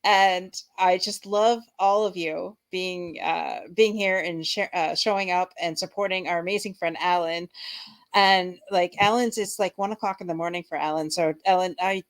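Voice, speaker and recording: A woman's voice: on the low side, steady tone, moderate pace. A woman hosting a live-streamed chat show, bubbly and giggly, rambling with fillers as she talks to guests and viewers. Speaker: host.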